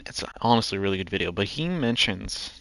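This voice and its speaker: Lower-voiced man rambling over a game. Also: animated, fast, gravelly, a bit bright, dry recording. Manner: rambling, restarts a lot. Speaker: gaming video host. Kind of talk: let's play commentary.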